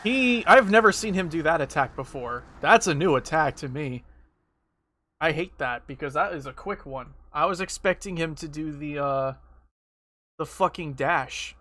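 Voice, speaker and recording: A man's voice: a little high, expressive, moderate pace, sharp tone. A man streaming a game, chatting casually, swearing and putting himself down as he plays. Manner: self-deprecating, swears a lot, frustrated outbursts. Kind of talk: casual gameplay commentary.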